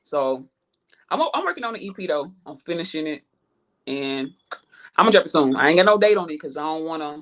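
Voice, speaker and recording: A woman's voice: low-pitched, expressive, a little fast, fairly bright tone. A woman rap artist from Houston with a Southern accent, talking in a laid-back, slangy way and swearing freely in a casual interview. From Houston, Texas.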